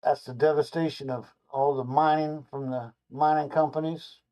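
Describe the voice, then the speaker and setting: A man's voice: fairly high pitch, fairly even intonation, normal speed, darkish tone. Man loosely reading a screenplay aloud. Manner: loose, ad-libbing, self-correcting asides. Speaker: screenplay reader. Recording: dull lo-fi recording.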